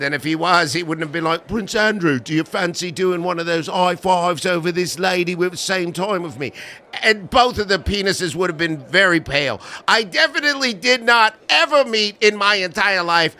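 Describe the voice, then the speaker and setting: A man's voice: high voice, sharp tone, clear, resonant tone, exaggerated voice. A man putting on a smarmy middle-aged tycoon who rambles through mock-earnest denials in a comic impression. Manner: rambling, mock-earnest denials with bursts of silly character voices.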